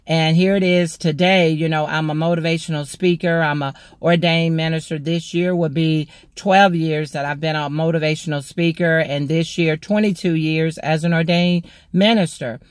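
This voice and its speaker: A woman from Mississippi, a motivational speaker and ordained minister, telling a personal testimony in a slow, deliberate way. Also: low voice, steady tone, no room sound.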